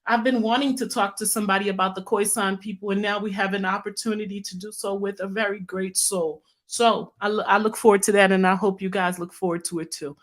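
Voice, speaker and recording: A woman's voice: mid-range voice, fairly even intonation, brisk, hardly any pauses. A woman hosting a live stream chat, emotional and effusive, teary from crying, often repeating herself. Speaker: channel host.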